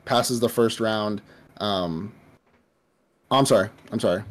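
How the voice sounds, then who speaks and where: Guy on a podcast w a lowish voice, rambly, swears a lot, lots of ums and likes. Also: slow pace. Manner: rambling, heavy swearing and fillers. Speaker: podcast host. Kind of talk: casual chat recapping an anime.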